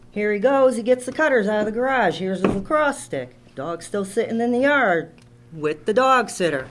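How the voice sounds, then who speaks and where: Emotional woman at the podium, pleading and rambling, faint room noise. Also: medium pitch. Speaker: public commenter. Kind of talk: public comment at town meeting. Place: town hall meeting room.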